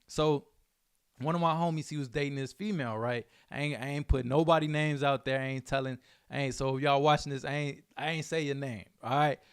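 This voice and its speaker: A young man from Chicago reacting to a news clip in casual, animated commentary full of slang and repetition. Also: mid-range voice, fairly quick, clear, resonant tone, dry recording, studio quality. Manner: animated, streetwise slang, repeats himself. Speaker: reaction video host.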